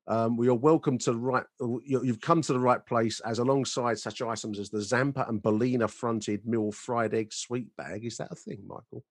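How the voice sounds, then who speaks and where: A man's voice: medium pitch, a little fast, no room sound, clean studio sound. Jokey sarcastic man on a podcast. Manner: jokey, sarcastic, laughs often. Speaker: podcast co-host. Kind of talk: casual chat reading mock adverts.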